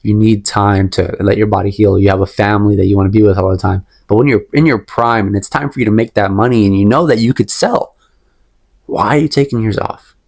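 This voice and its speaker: A man's voice: lowish voice, fairly quick, creaky, a little mellow. Rambling, emphatic young man ranting. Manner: rambling, emphatic, repeats himself, sips tea while talking. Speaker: MMA commentary vlogger. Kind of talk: casual opinion rant.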